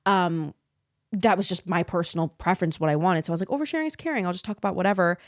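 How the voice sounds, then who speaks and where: Animated young woman, dry studio sound. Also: fairly low pitch, quick pace, dry recording. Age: young adult. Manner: animated storytelling, acts out quoted voices, laughs often. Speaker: author guest. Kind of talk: casual chat. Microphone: studio podcast mic.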